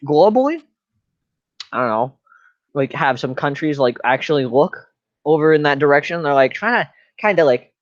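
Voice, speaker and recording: A man's voice: fairly high pitch, very animated, moderate pace, no echo, lo-fi sound. A man giving a joking class presentation in a slangy, rambling, mock-serious way. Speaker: student presenter.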